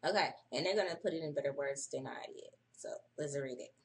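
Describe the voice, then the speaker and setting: An American woman hosts a casual early-morning livestream, chatty and profane, reading an article aloud and breaking off for her own asides. Her voice is low-pitched and fairly quick.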